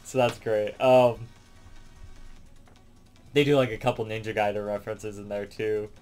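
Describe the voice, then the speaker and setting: A man's voice: fairly low pitch, fairly even intonation, normal speed, darkish tone, soft background music. A man casually recapping a movie plot as a reviewer, rambling along with lots of "um" and "like" fillers. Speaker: film reviewer.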